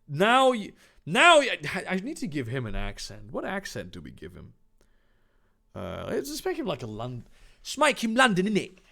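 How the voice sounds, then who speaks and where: A man reading a story aloud for comedy, breaking off for sarcastic, deadpan asides. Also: fairly high pitch, moderate pace, creaky. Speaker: fanfiction reader.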